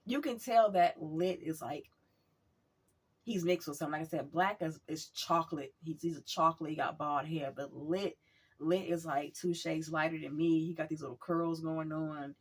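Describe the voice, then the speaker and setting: Woman vlogger, husky voice, chatty storyteller. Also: low voice, moderate pace. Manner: chatty, animated retelling with acted quotes. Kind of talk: casual storytelling.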